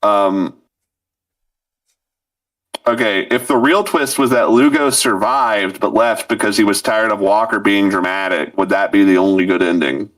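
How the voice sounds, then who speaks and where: A man's voice: lowish voice, a little slow, fairly bright tone, dry recording, recorded from a distance. A man co-hosting a podcast, chatting casually and rambling through his points with lots of fillers. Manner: rambling, full of fillers and goofy voices. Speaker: podcast co-host. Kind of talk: casual chat.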